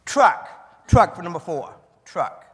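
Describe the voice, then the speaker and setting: Speaking slowly in a high, very animated voice, a man with a Cajun accent delivers an interactive keynote in a folksy, conversational way. He repeats audience answers back to them, and there's hall reverb.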